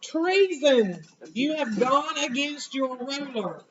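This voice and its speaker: Animated woman teacher firing off questions. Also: high voice, slow, muffled recording, over a noisy crowd. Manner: animated, rhetorical questions to students. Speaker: history teacher. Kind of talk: classroom lecture. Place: classroom.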